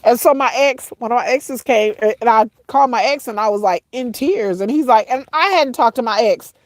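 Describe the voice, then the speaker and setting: A middle-aged vlogger tells her viewers an emotional personal story, calling them "y'all" while she halts and repeats herself. She is tearful and her voice sometimes breaks, sitting slightly high in pitch. The recording is close and dry, with no room sound or echo.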